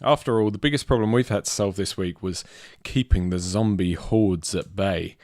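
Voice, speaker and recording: A man's voice: deep voice, moderate pace, a little mellow, dry recording, clean studio sound. A man hosting a comedy podcast, bantering and giggling with his co-hosts. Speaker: podcast host. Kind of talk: casual comedic chat.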